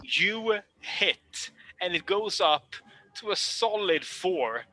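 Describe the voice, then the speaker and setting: A man narrating as game master of a tabletop game, lively and animated. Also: high voice, takes it slowly, rough recording.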